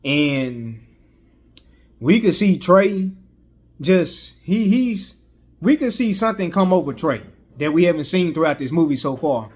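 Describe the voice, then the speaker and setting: A man with a slightly higher voice recaps a film casually. He rambles, often restarting sentences and filling gaps with "you know.". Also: animated, measured pace, darkish tone. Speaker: movie reviewer.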